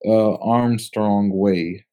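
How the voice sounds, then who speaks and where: A young man with a low, mellow voice, co-hosting a podcast. He teases his friends in a dry, offhand way. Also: steady tone, extremely slow. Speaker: podcast co-host. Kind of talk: casual chat.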